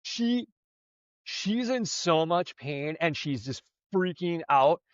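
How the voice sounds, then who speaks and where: A man's voice: a little high, lively intonation, slow, no echo. A man co-hosting a podcast, telling a story in a rambling, profane, casual way. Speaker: podcast co-host. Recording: dull, slightly lo-fi dry sound.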